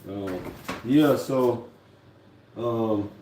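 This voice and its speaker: A man's voice: mid-range voice, extremely slow, mellow, roomy sound, a little hiss or hum. A man who drives trucks talks casually on a home livestream, rambling and reflective, often repeating "you know what I mean.". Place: at home, indoors.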